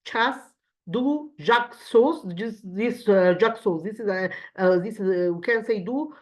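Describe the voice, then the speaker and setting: A woman's voice: medium pitch, measured pace. A woman with an Egyptian accent, a native Arabic speaker, teaching an English grammar lesson to children with many fillers and restarts.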